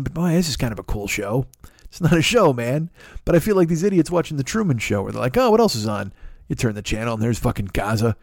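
A man's voice: mid-range voice, a little mellow, no echo, studio quality. A man hosting a podcast, talking in a rambling, profane, self-mocking comic monologue. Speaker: podcast host.

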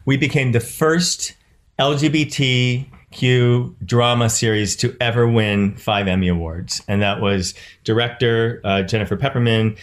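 A man's voice: medium pitch, unhurried. A middle-aged man, an actor and producer, telling stories as an interview guest and acting out the people he quotes. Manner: animated, acts out quoted voices with laughs. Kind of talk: casual interview storytelling.

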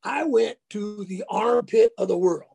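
Gravelly, husky man telling stories. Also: high-pitched, unhurried, warm tone. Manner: folksy, colloquial. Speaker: interview guest, former college football player. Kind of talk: casual storytelling.

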